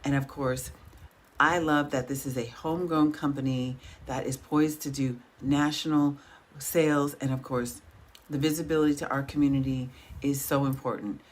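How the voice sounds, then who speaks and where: A woman's voice: very deep voice, fairly even intonation, normal speed. A woman host giving an upbeat, scripted sign-off for her show.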